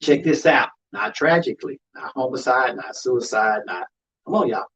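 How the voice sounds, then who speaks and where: With a medium-pitched voice at normal speed, this undertaker shares stories about grief in an animated, sermon-like style, calling his listeners "y'all." The dull lo-fi live recording carries slight background noise.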